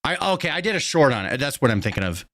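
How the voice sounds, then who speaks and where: A man's voice: mid-range voice, sing-song, racing, fairly bright tone. A man hosting a reaction stream, giving blunt, profane running commentary.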